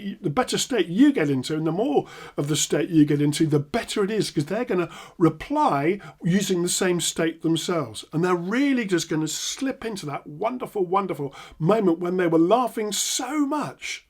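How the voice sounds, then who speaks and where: A middle-aged man with an English accent, a hypnotherapist teaching an NLP technique with animated demonstrations. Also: high-pitched. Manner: animated, acts out laughing prompts with loud bursts. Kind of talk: instructional talk with demonstrations.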